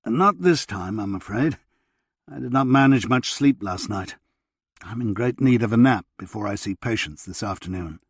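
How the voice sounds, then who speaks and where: A man's voice: on the low side, animated, normal speed, husky, no room sound, studio quality. Man doing a weary, curt doctor. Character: tired dutiful male doctor, middle-aged.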